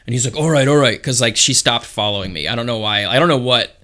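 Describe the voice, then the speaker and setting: A man's voice: mid-range voice, fast talker. A young man co-hosting a podcast, telling a story in casual, profane chat and acting out the people in it. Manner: profane, animated retelling with quoted voices. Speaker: podcast co-host.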